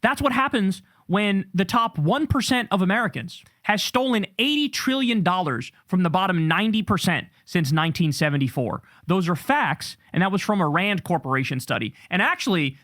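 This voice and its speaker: A man's voice: high-pitched, lively intonation, brisk, few pauses, sharp tone. A man hosting a political show, ranting angrily with heavy swearing. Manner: heated, profane, ranting. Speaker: political commentator host. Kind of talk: angry political rant.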